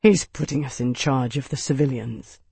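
A man's voice: a little high, moderate pace, darkish tone, slightly rough, no echo. A man voicing a young male army captain who answers his superior tersely and respectfully. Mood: dismayed.

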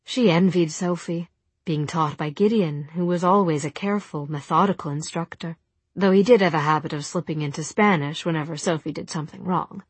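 A woman narrating a novel as an audiobook, with a steady, expressive reading. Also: deep voice, a little fast, breathy edge, no echo.

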